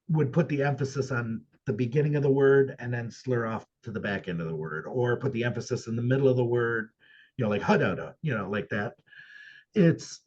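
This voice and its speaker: A man's voice: mid-range voice, darkish tone, husky, dull audio. A man who owns a paranormal venue, speaking as a guest in a casual interview and telling his experiences earnestly and emphatically.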